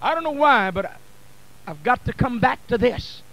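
A man who is a bishop, preaching a Pentecostal sermon in a church, with a rhythmic, chanted, shouting delivery, on an archival 1980 church recording. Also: very high voice, big pitch swings, moderate pace, low-quality recording. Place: church sanctuary.

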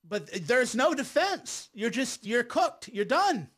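A man's voice: very high-pitched, sing-song, unhurried, fairly bright tone. A middle-aged man, a lawyer and filmmaker, speaking in a casual, combative monologue, repeating words and tagging lines with "right?".

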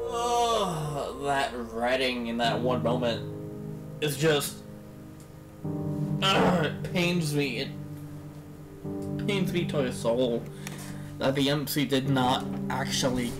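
A man's voice: mid-range voice, expressive, takes it slowly, long pauses, over music, low-quality recording. A man reacting emotionally to a visual novel while playing, teary-eyed, swearing and repeating himself as he fights back tears. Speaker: game streamer. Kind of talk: emotional let's-play reaction.

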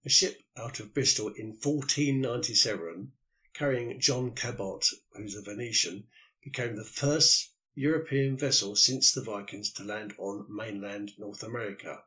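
A man's voice: fairly low pitch, normal speed, pushed and bright, rough recording. An older man hosting a solo podcast, talking through a loosely scripted monologue in a reflective way with the odd filler. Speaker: podcast host.

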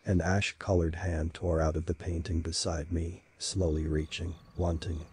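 Male horror narrator, very deep and dark-toned, slow and dramatic. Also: flat delivery, husky, dry recording. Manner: slow, measured, dramatic reading.

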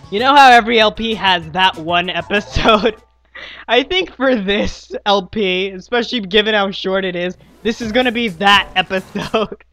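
A young man doing casual let's play commentary, excitable and yelling at the game. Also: high voice, normal speed. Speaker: let's player. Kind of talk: gaming commentary. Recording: faint game music behind.

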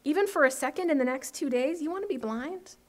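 An eerily calm, bossy little girl, read aloud by a woman, hushed and matter-of-fact. Her voice sits a touch high and stays level and sure. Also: quick pace.

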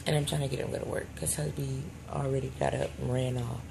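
A woman's voice: very deep voice, flat delivery, fast, gravelly. A woman vlogging in a casual, chatty way, laughing often as she talks. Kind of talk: casual vlog chat. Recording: loud background noise.

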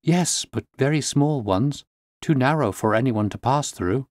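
A man's voice: mid-range voice, expressive, measured pace, no room sound, clean studio sound, pitched above the performer's own voice, close to an everyday voice. A man voicing an anxious, eager young woman who fears her stepfather. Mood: earnest. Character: frightened young woman client.

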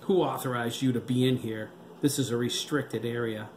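A man's voice: mid-range voice, level tone, a little slow, a little mellow, natural voice. A man voicing an angry, defiant rogue agent who threatens everyone around him with a pistol. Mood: furious. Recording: roomy with background noise.

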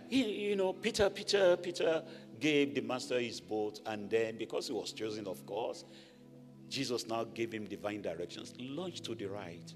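A man from Nigeria preaching a sermon as pastor, animated, rising to shouted blessings over the congregation. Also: mid-range voice, moderate pace. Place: large church hall. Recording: echoey church hall with music.

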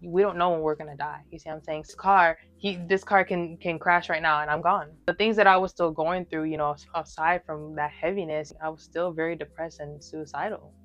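A woman's voice: deep voice, fairly even intonation, brisk, hardly any pauses, a bit bright, muffled recording. A woman in her early twenties sharing a personal faith testimony in casual, emphatic talk straight to her viewers, full of fillers. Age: early 20s.

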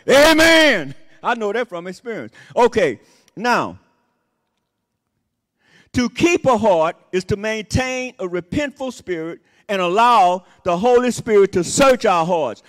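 A man's voice: high voice, lively intonation, moderate pace, hardly any pauses. A man preaching a sermon as associate pastor, repeating his points with emphasis and breaking in with "Amen" and "Praise the Lord.". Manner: repetitive emphatic phrasing. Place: church sanctuary. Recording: long reverb of a church hall.

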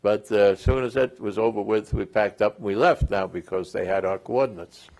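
Gravelly old man in his eighties. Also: on the low side, a little fast, a little mellow. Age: 80s. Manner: rambling, chuckling storyteller with restarts. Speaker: Korean War veteran interviewee. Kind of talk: oral history interview.

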